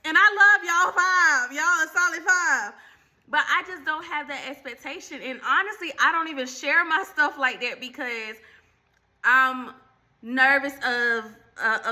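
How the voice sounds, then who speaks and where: Bright, sharp-voiced woman chatting about faith. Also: a little high. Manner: chatty, addresses viewers as y'all, preachy asides. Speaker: faith and relationship channel host. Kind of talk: casual faith talk to camera.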